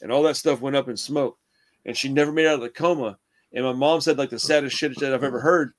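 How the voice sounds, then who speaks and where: A man's voice: medium pitch, steady tone, fast. Swearing young man telling rambling stories. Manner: rambling storyteller, swears a lot, says dude and bro. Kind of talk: casual chat.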